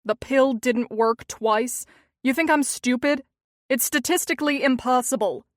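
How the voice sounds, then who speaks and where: A woman's voice: fairly high pitch, moderate pace, dry recording, studio quality, lightly acted. A woman voicing a domineering young husband who is demanding and scolding. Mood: angry.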